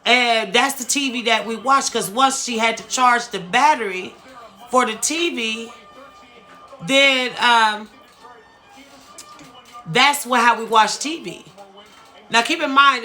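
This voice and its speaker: A middle-aged woman from Ohio tells a personal story in an unhurried, drawn-out way. Her voice is bright and forward, and she comes back to the same phrases while she speaks with open emotion. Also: on the high side, soft background music. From Dayton, Ohio, US. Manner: emotional, repeats phrases, slow and earnest.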